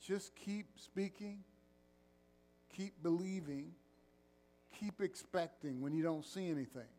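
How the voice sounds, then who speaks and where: A man's voice: high-pitched, slow, dark tone. A man preaching as pastor in a church, calling for responses and joking with the congregation. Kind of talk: sermon with announcements.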